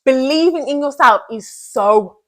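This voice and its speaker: A woman's voice: sits high, animated, measured pace, a bit bright. A young woman giving an earnest, emphatic motivational talk as a vlogger, repeating her key phrases.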